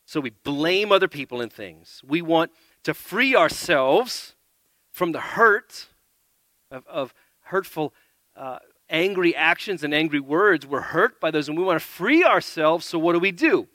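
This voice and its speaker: A man delivers a sermon in a bright, forward voice pitched a little high. He talks earnestly, swinging between loud emphasis and quiet asides. The sound is close and dry, with little room around it. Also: animated, a little slow, no echo. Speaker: preacher.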